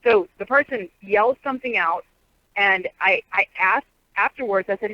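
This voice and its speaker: A woman telling stories as an interview guest, a lively storyteller and prophetic teacher. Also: medium pitch, moderate pace. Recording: dull lo-fi sound.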